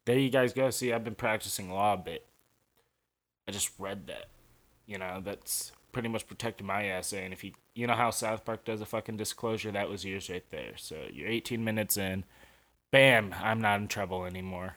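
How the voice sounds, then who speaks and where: Ranting, crude St. podcaster. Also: male voice, fairly low pitch, normal speed, a bit bright. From St. Louis, USA. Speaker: podcast host. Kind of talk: profane podcast monologue.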